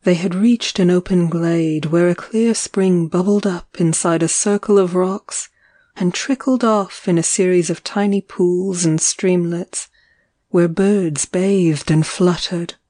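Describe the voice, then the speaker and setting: Female audiobook narrator, unhurried and lyrical, mellow tone, dry studio sound. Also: lowish voice, fairly even intonation, dry recording. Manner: slow, measured, lyrical.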